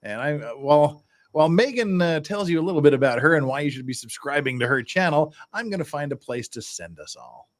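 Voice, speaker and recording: A man's voice: a little high, expressive, a little fast. A man hosting a casual livestream, chatty and full of restarts. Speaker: livestream host.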